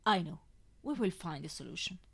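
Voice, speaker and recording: A caring man gives calm, brisk reassurance, as a woman reading a story speaks his lines. His voice stays close to the reader's own, steady and plain. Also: lowish voice, gravelly, slightly rough, full character voice. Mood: reassuring. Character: caring older man giving firm orders.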